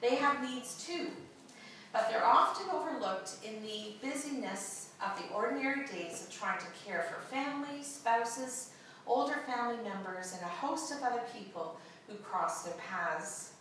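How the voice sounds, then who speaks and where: A woman giving a sermon and reading a story aloud, with a slow, earnest, expressive delivery, recorded from far off in an echoey room. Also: on the high side, slight background noise. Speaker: speaker giving a Mother's Day message.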